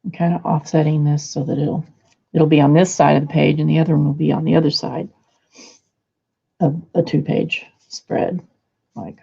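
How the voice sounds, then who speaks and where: A woman hosts a casual crafting video from her home studio, chatting as she works and muttering or whispering to herself. Her voice sits low and level at a normal speed, dark and husky with vocal fry and frequent pauses. The audio sounds dull.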